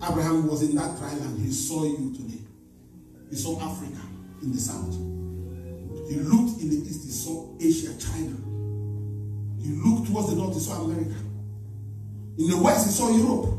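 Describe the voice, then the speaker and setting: Male bishop, fervent sermon and prayer, high voice, music under him in an echoey sanctuary. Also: normal speed, long pauses. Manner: fervent preaching, at times praying in tongues. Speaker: bishop preaching. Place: church sanctuary. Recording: echoey church hall, mic far off, music.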